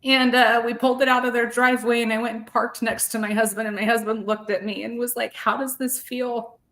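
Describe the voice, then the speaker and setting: Fast and a bit bright, this woman's slightly high voice shows little pitch movement. In her thirties and guesting on a podcast, she earnestly recounts a personal story, close to tears and often repeating words out of heartfelt emotion.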